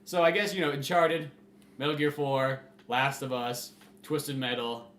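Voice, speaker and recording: A man's voice: medium pitch, fairly even intonation, measured pace, a bit bright. A man co-hosting a podcast in casual chat, rambling and full of "like" and "you know". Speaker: podcast co-host. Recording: roomy echo.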